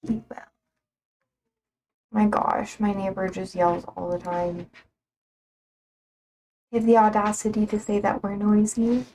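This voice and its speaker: Hosting a livestream from home indoors, a young woman chats playfully with her viewers in a teasing manner she calls sassy, laughing often. Her voice is mid-range with a dark tone.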